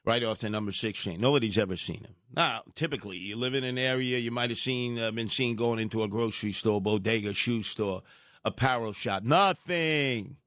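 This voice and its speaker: A man's voice: lowish voice, fairly even intonation, a little fast, a bit bright, no echo. A man hosting a talk radio show, delivering a combative, mocking monologue. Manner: sarcastic, mocking, emphatic with nicknames. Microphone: studio microphone.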